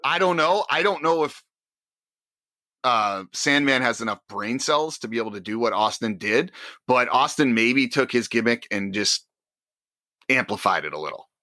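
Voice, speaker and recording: A man co-hosting a podcast, telling stories with enthusiasm in quick bursts. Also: mid-range voice, animated, bright, forceful tone, dry recording. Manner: enthusiastic, rapid bursts of storytelling. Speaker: podcast co-host. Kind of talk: casual chat.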